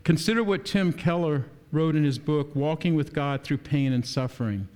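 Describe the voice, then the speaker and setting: High-voiced man preaching a sermon. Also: moderate pace, hardly any pauses, clear, resonant tone. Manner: animated preaching with rhetorical questions. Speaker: pastor.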